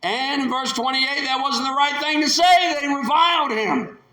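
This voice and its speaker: A man preaching a sermon with passion, acting out the voices of the people in the story and rising to shouts. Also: very high voice, moderate pace, echoey room. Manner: impassioned, acts out the quotes with rising shouts.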